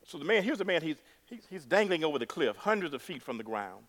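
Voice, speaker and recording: A male pastor preaching a sermon, emphatic and repetitive, building to loud exclamations. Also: fairly high pitch, sing-song, quick pace.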